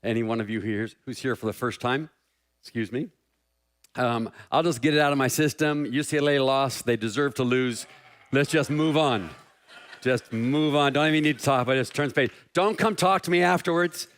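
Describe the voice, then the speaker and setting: A middle-aged man preaching a sermon as pastor, joking and self-deprecating with an animated delivery. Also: medium pitch, normal speed.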